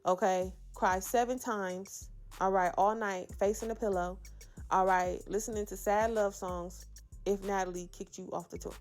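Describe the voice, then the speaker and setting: A woman's voice: medium pitch, fairly even intonation, normal speed. A woman hosting a casual reality TV recap, talking sassy and slangy with dramatic asides. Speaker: reality show recap host.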